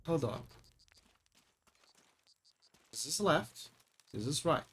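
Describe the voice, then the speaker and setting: A young man streaming a game, excitable and cursing when frustrated. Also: on the high side, normal speed, slightly rough. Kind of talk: gameplay commentary.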